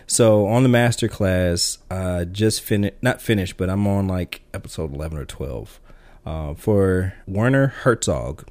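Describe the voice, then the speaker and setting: A man's voice: low voice, a little slow, a little mellow. A man co-hosting a filmmaking podcast, chatting casually and rambling with many restarts and fillers. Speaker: podcast co-host. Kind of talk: casual film chat.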